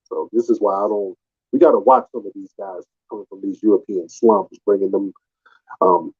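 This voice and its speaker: A man's voice: on the low side, fairly even intonation, normal speed, husky, narrow, tinny audio. Taunting man hosting a live call-in. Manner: mocking, taunting, repeats questions. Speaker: live audio room host. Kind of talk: combative live call-in talk.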